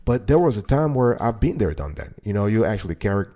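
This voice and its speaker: A man's voice: on the low side, sing-song, fast, dark tone. A man hosting his own show, talking straight to his listeners in a casual, emphatic way, repeating his key points and asking them questions. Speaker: host. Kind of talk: casual talk-show monologue.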